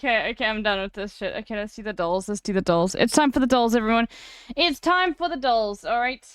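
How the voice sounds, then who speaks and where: A young South African woman with a South African accent, casually chatting to her live-stream viewers, blunt and quick to swear. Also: medium pitch, clean tone, no room sound, soft background music. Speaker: livestreamer.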